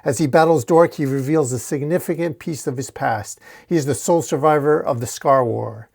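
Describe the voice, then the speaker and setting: A man's voice: on the high side, brisk, gravelly, a little mellow. A man reading a fantasy comic aloud in a plain, casual storytelling way. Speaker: comic reader. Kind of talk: casual comic-book narration.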